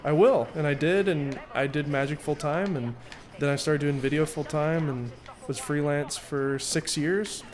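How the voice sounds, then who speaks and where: A man's voice: a little high, fairly even intonation, a little slow. Joking, rambling young man. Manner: laughing, rambling, jokey. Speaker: interview guest, magician and video maker. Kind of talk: casual chat while playing a game. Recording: faint background noise.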